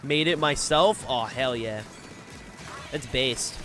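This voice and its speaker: A man's voice: medium pitch, slow, noisy background. A young man streaming a game live, chatting casually with viewers in a brash, joking way and swearing a lot.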